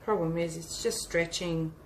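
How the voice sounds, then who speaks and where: A woman's voice: fairly low pitch, steady tone, measured pace. A woman with an Australian accent chatting casually with live viewers while she paints, teacher-like and friendly in her asides. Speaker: art teacher and vlogger. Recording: roomy echo with faint hum.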